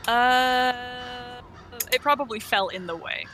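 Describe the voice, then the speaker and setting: Game master, brief rulings, unhurried, noticeable background noise. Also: mid-range voice, pushed and bright. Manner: brief, matter-of-fact rulings. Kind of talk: running a tabletop game.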